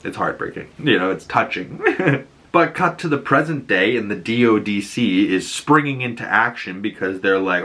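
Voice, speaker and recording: Bright-toned Boston man recapping a show. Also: fairly low pitch, lively intonation. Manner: chatty, loose retelling, acts out characters' lines in quick voices. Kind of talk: casual recap commentary.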